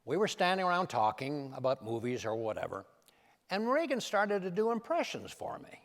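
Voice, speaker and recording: An older man, a comedian and impressionist, telling anecdotes to a live audience in a punchy, animated way. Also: a little high, moderate pace. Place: large event hall. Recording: long hall reverb.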